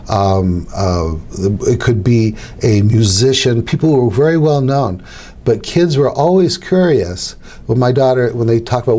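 A man's voice: mid-range voice, a little mellow. Conversational middle-aged man coaching. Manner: conversational, repeats key phrases, acts out dialogues. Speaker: hypnotist teaching other hypnotists. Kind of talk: instructional talk to camera.

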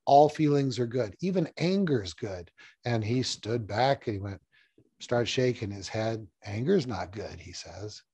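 A man's voice: mid-range voice, expressive, a little slow, mellow, husky, no echo. A middle-aged man teaching hypnotherapy in a casual, storytelling way, repeating key phrases as he explains. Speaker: hypnotherapy trainer. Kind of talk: casual teaching talk to camera.

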